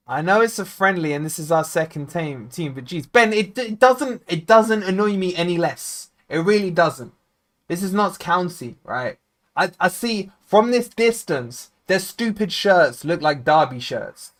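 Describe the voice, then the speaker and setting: A man hosting a live football watchalong, talking casually and bluntly to his viewers and swinging between grumbling and loud cheering. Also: on the high side. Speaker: football fan channel host. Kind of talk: live match watchalong commentary.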